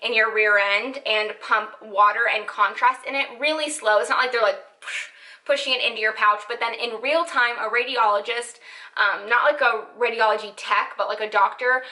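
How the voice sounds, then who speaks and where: A woman's voice: a little high, fairly even intonation, moderate pace, bright, forceful tone, rough recording. A young woman in a casual vlog chat, candid and chatty, full of "like" fillers. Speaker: vlogger.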